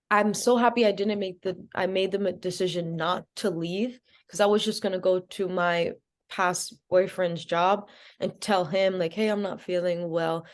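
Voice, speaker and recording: A young woman from Providence, Rhode Island, a podcast guest telling her story with lots of "like" fillers and acted-out dialogue. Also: on the low side. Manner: animated, acts out quoted dialogue, many "like" fillers. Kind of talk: storytelling in an interview.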